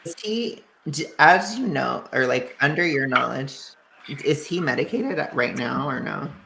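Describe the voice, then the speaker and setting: A woman co-host with a gravelly, creaky edge to her voice chimes in with brief replies and pointed questions. The chat is relaxed and conversational. A clear layer of noise sits under the recording. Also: a bass voice, unhurried. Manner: short back-channel replies and probing questions. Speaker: podcast co-host. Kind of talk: casual chat.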